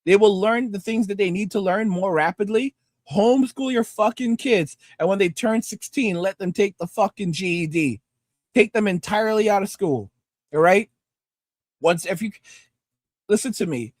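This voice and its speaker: The recording is dry, and the man's voice is high-pitched at a moderate pace. Reading out viewer comments on his livestream, he rants at the audience with anger and swearing, repeating his points as he lectures.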